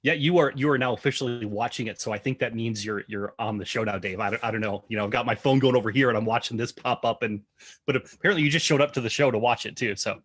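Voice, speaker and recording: A man's voice: mid-range voice, breathy edge, dry recording, studio quality. A man hosting a live interview, talking casually with many fillers and restarts as he greets viewers. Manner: relaxed, halting, lots of fillers and shout-outs. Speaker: host.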